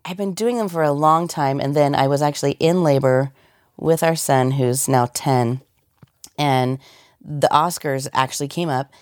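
A woman's voice: deep voice, normal speed, dry recording, clean studio sound. A woman voice actor with a cold, chatting animatedly in an interview and laughing often. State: has a cold. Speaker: voice actor guest. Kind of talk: casual interview chat.

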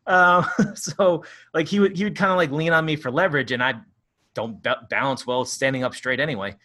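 A man's voice: fairly high pitch, moderate pace, sharp tone. A man co-hosting a podcast in casual chat, telling rambling stories with frequent laughs and swearing. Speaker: podcast co-host.

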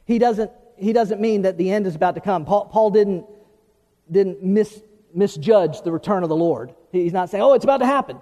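A high-pitched man preaches in an animated, folksy way, often repeating his words as he explains. His voice is warm and mellow, and it rings out with the long echo of a big hall. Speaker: pastor. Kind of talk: sermon.

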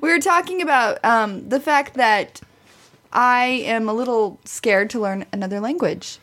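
A woman's voice: on the high side, measured pace, a bit bright. Upbeat Southern Missouri woman. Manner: enthusiastic, laughs easily. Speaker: podcast co-host. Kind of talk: casual chat.

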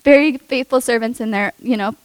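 Young woman telling her testimony, earnest and emotional, lots of "like", highish voice, dry close sound. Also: fairly quick, smooth, no room sound, low-quality recording. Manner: earnest and emotional, with many "like" fillers and soft laughs. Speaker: speaker sharing a testimony. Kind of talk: personal testimony.

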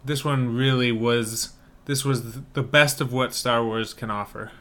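A man co-hosting a casual podcast, dry and joking in a low-key way. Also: steady tone, measured pace, fairly bright tone. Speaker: podcast co-host. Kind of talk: casual chat.

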